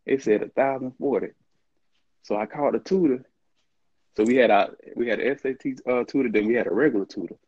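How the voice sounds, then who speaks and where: A middle-aged man with a drawl tells stories as an interview guest, lively and quick to laugh as he acts out what others said. His voice sits at a middle pitch and sounds close and dry, and the recording is slightly muffled. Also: no echo. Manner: animated storyteller, laughs often, acts out quoted dialogue. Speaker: interview guest, former college football player. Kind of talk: casual storytelling.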